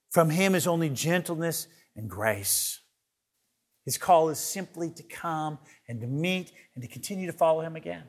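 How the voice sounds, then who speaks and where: A male pastor preaching a sermon in an earnest way, often repeating words as he builds each point and moving between loud emphasis and soft, hushed lines. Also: sits high.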